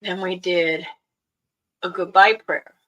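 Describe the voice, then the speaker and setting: A woman, a spiritual elder, telling a story in casual spoken style, unhurried, pausing and restarting. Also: on the low side, steady tone, sharp tone, poor audio.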